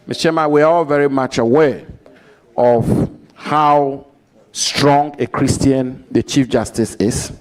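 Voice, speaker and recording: Man, committee member, formal questioning, measured, repeats points for emphasis, hearing room. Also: medium pitch, steady tone, a little mellow, low-quality recording.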